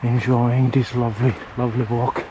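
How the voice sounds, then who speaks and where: A man's voice: medium pitch, flat delivery, moderate pace. Chatty Italian man rambling on a walk. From Italy. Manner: chatty, rambling, searching for words. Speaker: vlogger. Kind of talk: casual walking vlog. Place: outdoors on a windy residential street. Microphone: camera mic held near the face. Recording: faint wind and traffic noise outdoors.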